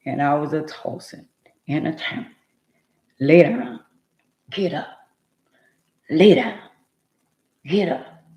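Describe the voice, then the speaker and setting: Woman rambling through her story to viewers, slow and emphatic, echoey room. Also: low-pitched, warm tone. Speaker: vlogger telling her life story. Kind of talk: casual storytelling to live viewers.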